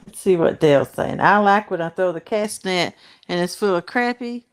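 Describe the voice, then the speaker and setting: A woman's voice: lowish voice, animated, moderate pace, slight background noise. A woman, laughing often and chatting casually while reading viewer comments on a fishing live stream. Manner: laughs often, short agreeing replies. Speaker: fishing channel co-host.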